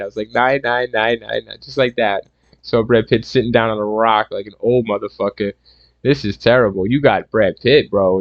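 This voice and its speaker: A man's voice: on the low side, no room sound, dull audio. A man giving a casual, profane and rambling movie review rant, sarcastic and full of restarts.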